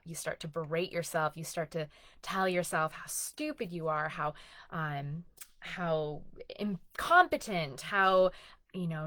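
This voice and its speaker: A woman's voice: fairly low pitch, a bit bright, no echo. A woman in her thirties, a wellness coach, talking earnestly and conversationally, with frequent laughs. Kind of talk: teaching talk to camera.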